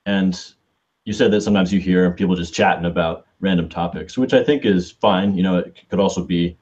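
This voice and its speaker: Deep baritone man on a dull call. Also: steady tone, brisk, darkish tone. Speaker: group member. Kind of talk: casual meeting talk.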